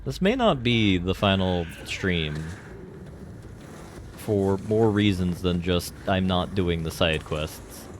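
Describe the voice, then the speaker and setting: A man with a deep, low voice talks through a game on a live stream. He rambles loosely from one joke to the next and leans on filler words as he goes. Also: lively intonation, slow, a little hiss or hum. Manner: rambling and jokey, heavy on fillers. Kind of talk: casual live gameplay commentary.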